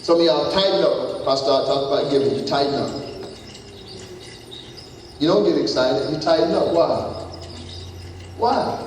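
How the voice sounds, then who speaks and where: A man's voice: normal speed, pauses often, a little hiss or hum. Preacher man in an echoey hall. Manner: preaching with questions to the congregation, shifting from shouts to low asides. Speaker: pastor. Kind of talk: sermon. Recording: echoey hall, taped from far off.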